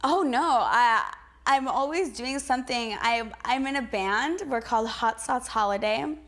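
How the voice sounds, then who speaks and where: A woman's voice: a little high, unhurried, a bit bright. A young adult woman answering interview questions in a chatty, giggly way, full of "like" and restarts. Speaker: interview guest.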